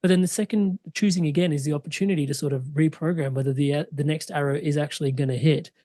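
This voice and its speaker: A man's voice: a little high, fairly even intonation, fast, mellow, dry recording, studio quality. A man hosting a podcast interview, reflective and hesitant, with frequent fillers. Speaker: podcast host. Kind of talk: interview and audience call-out.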